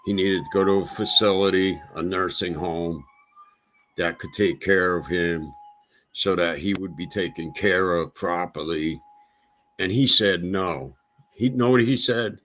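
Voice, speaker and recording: Low-ish voiced guy ranting on his livestream, fed up, says stuff twice. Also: measured pace, fairly bright tone, slight background noise. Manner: exasperated, repeats himself for emphasis. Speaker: livestream host. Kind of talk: casual livestream monologue.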